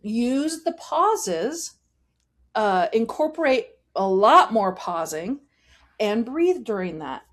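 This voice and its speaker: A woman vocal coach, a guest in an interview, explaining voice technique in an animated way and demonstrating it as she talks. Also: fairly high pitch, takes it slowly.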